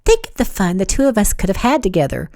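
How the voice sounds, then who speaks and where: A woman's voice: medium pitch, huge pitch swings, fast, darkish tone, no echo, clean studio sound. A woman voicing a scheming young woman with a cooing, sugary drawl in an audiobook.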